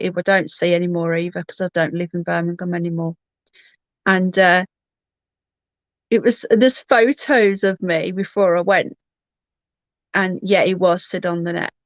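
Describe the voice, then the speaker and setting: A woman's voice: fairly low pitch, steady tone, normal speed, no room sound. A woman hosting a livestream, telling a personal story in a candid, rambling way with frequent restarts. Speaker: livestream host.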